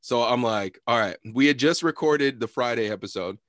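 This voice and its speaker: A young man co-hosting a podcast, telling a long story in a loose, profane, animated way with lots of fillers. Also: medium pitch, moderate pace, no room sound, clean studio sound. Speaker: podcast co-host. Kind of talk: casual storytelling chat.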